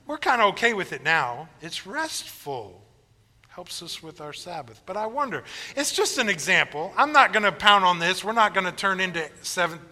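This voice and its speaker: A man delivers a sermon from the pulpit in a conversational, wry manner. His voice sits high and rings very bright. The church sanctuary adds a long, trailing reverb. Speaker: pastor.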